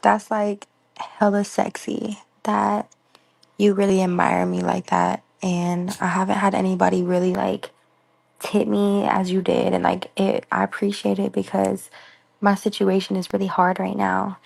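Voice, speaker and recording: A woman's voice: medium pitch, level tone, a little slow, creaky, darkish tone, no echo. A woman talking casually and thankfully in slang to a viewer. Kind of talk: casual talk to camera.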